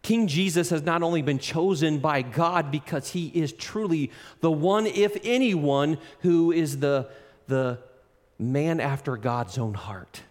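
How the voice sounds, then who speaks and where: A man preaching a sermon in an animated, emphatic way, speaking directly to his listeners. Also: on the high side, unhurried, long reverb tail.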